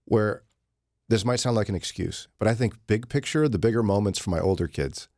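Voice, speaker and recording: A man hosting a morning radio show, telling joking stories in a casual, animated chat. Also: on the low side, a little fast, no room sound, clean studio sound. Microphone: studio microphone.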